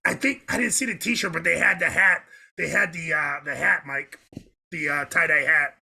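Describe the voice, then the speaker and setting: Loud laughing guy on a wrestling pod, gravelly and husky, high bright voice, swears a ton. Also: fairly even intonation, moderate pace. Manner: brash, laughs a lot, swears freely. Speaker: podcast co-host. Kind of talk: casual chat.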